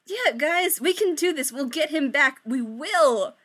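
A woman reading a story aloud voices a determined young woman slayer who speaks in a brisk, reassuring way. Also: a little high, a bit bright, lightly acted.

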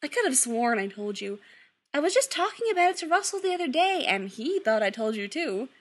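A woman's voice: sits high, very animated, brisk. A woman voicing a bubbly, doting middle-aged witch mother who chatters sweetly. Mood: chattering.

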